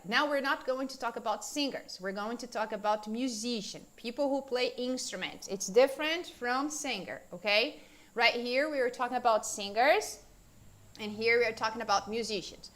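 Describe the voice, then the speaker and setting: Chatty teacher with a bright, high voice. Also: female voice. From Brazil. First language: Portuguese. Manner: chatty and informal, many fillers, asks viewers questions. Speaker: English teacher. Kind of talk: live online class, chatting with viewers.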